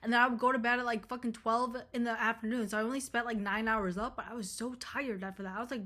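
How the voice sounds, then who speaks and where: A young woman vlogging casually, telling a rambling story full of swearing and animated retellings. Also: a little high, fast, few pauses. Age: young adult.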